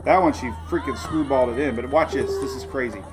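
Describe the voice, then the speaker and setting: A man hosting a weather show, chatting casually and excitably, often saying "man". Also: medium pitch, fast. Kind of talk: casual live-stream chat.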